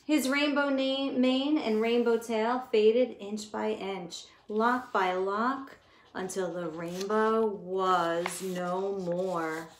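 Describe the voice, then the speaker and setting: A woman teacher reading a picture book aloud in a gentle, expressive way, talking to her listeners as she goes. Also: medium pitch, takes it slowly. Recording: echoey room with faint noise.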